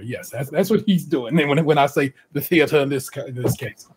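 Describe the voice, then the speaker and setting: Chatty American male podcast host with a raspy, fairly high voice who reads bios with lively asides. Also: brisk. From United States. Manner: chatty and animated, laughs often, many asides. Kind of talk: casual chat, reading contestant bios aloud.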